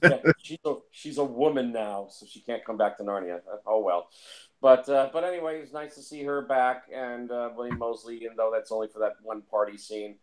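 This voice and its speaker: A man's voice: mid-range voice, brisk, darkish tone. A man talking casually about films, rambling and repeating himself with lots of fillers. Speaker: film reviewer. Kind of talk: casual film discussion.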